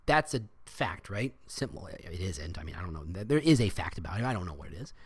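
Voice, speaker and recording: Hosting a solo podcast, a man with a deep, sing-song, slightly breathy voice talks briskly and casually. He rambles, interrupts himself, and keeps restarting and going off on asides.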